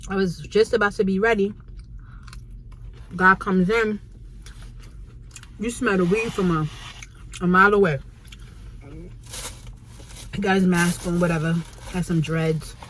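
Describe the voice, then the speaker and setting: A woman's voice: fairly low pitch, fairly bright tone, slight background noise. A woman from New York with a New York accent, telling a story in a casual, slangy and blunt way for her vlog from a restaurant. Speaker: vlogger. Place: Chinese restaurant, indoors.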